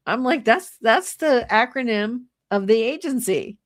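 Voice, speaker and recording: Speaking in a fairly high, animated voice at a measured pace, a middle-aged woman hosts a livestream from her home with a fire nearby. She rants about politics casually and with exasperation, laughing often and mimicking people in mocking voices. The studio sound is clean, without echo.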